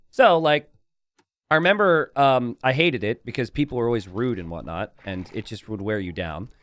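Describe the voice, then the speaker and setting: A man from the United States hosting game commentary, breaking off into a rambling, casual story told with lots of animation. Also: mid-range voice. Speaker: game caster and host.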